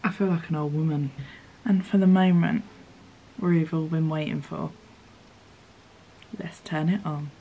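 A woman's voice: on the low side, moderate pace, long pauses, dark tone, a little hiss or hum. A young woman in a casual unboxing vlog, chatting and swearing casually, and often dropping to a whisper as she reads the screen aloud. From United Kingdom. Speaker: vlogger.

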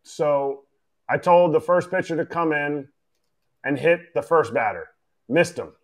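A man in his forties telling a story as a podcast guest, emphatic and lively, acting out the voices of the people in it. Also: on the high side, a little slow.

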